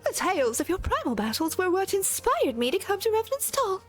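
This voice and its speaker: A woman's voice: extremely high pitch, very animated, a little fast, soft background music, voice pushed up. A woman voicing an eager recruit of a military company in a put-on British accent, with formal, old-fashioned phrasing. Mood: earnest.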